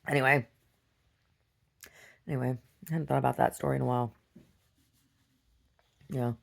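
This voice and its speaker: Very low, gravelly-voiced woman rambling. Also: flat delivery. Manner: halting, full of restarts and "like", shouts when acting out quotes. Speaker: video diarist. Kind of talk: rambling casual storytelling.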